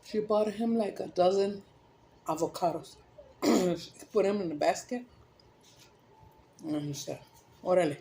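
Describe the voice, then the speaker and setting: Brief: woman vlogger, relaxed mellow voice, rambling storyteller, faint background hiss. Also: mid-range voice, unhurried, long pauses. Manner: rambling, animated joke-telling with frequent self-corrections. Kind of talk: casual storytelling.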